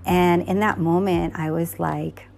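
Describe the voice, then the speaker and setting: A woman's voice: on the low side, steady tone, a little slow, gravelly, darkish tone, soft background music. A middle-aged woman hosting a podcast, candidly telling a personal story in a rambling way, full of restarts and fillers.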